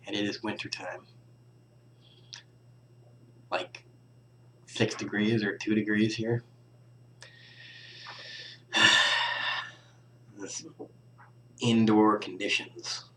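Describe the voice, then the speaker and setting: A man's voice: fairly low pitch, flat delivery, very slow, long pauses, slight background noise. A young man rambling casually to camera in a vlog, often trailing off into near-whispers and sighing. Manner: mumbling, trailing off into near-whispers, sighs and laughs. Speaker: vlogger.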